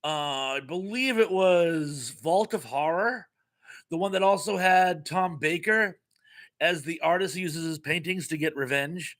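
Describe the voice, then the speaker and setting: Bright-voiced, chatty American man. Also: a little high, measured pace. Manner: chatty and jokey, laughing often. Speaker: live stream host. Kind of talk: casual live chat, reading comments aloud.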